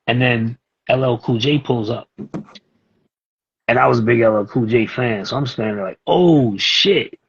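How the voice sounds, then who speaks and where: A man's voice: medium pitch, normal speed, vocal fry, pauses often, husky, dull audio. A man, telling a story casually as a guest and acting out the voices of the people in it. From East New York, Brooklyn. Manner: animated, acts out voices in his stories.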